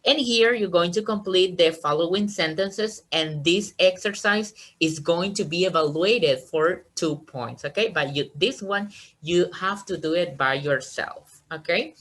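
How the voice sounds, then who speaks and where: A woman's voice: fairly low pitch, a little slow, fairly bright tone, poor audio. A woman teaching an online English class, encouraging her students and checking understanding with "okay?" after each point.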